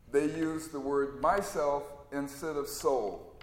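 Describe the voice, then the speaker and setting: A man's voice: fairly high pitch, normal speed. A male preacher giving a sermon in a conversational, storytelling way. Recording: echoey hall reverb.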